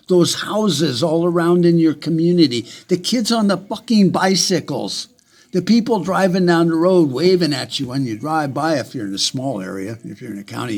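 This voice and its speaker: A man's voice: a little high, a little mellow. A man ranting angrily to camera with heavy swearing, often repeating words and restarting sentences. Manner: profane and heated. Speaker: vlogger. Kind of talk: angry rant to camera.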